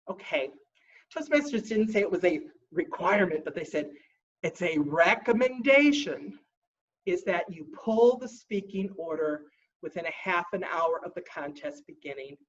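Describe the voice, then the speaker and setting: A woman's voice: fairly low pitch, recorded from a distance, dull audio. Fussy woman giving an emphatic training briefing. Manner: emphatic, slows down to stress points; self-described fussy stickler. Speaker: contest trainer.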